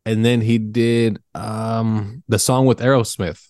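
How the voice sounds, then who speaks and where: A man's voice: lowish voice, steady tone, slow, a little mellow, dry recording, clean studio sound. A young adult man co-hosting a casual podcast chat, laid-back and rambling, swearing now and then. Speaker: podcast co-host.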